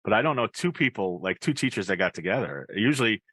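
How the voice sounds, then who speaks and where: A man's voice: lowish voice, expressive, fast talker, pushed and bright, husky, no echo. A man hosting a casual interview, joking and teasing his guest with stumbling restarts. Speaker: host.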